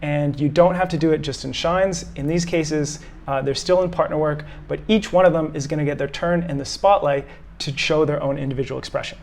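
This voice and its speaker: Slightly high-voiced male dance instructor. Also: steady tone, fairly quick, darkish tone. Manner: explains clearly, calls out moves to the music. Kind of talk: instructional voice-over commentary.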